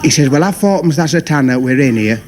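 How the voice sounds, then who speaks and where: A man's voice: mid-range voice, lively intonation, fairly quick. A man doing stand-up, telling a long joke in a chatty way with asides. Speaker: stand-up comedian. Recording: noisy 1970s TV recording.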